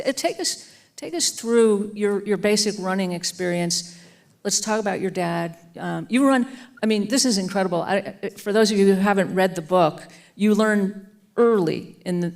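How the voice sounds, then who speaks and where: A woman's voice: mid-range voice, gravelly, darkish tone. A woman interviewing a guest onstage, asking thoughtful questions that she works out as she goes. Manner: thoughtful, searching questions with restarts. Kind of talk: onstage conversation. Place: auditorium stage.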